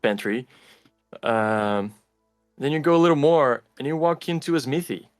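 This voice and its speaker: A man running a tabletop game as game master, describing scenes in a halting way with many fillers. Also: mid-range voice, lively intonation, clear, resonant tone, dry recording, soft background music.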